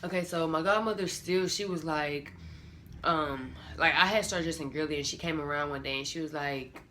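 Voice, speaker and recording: A woman's voice: low-pitched, moderate pace, a bit bright, slight background noise. A young woman candidly telling a personal story, rambling and quoting what people said. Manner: candid, rambling, lots of "like" and quoted dialogue.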